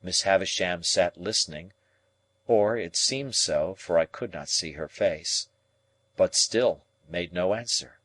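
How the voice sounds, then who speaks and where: A man reading a classic novel aloud as an audiobook narrator, steady and unhurried. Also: low voice.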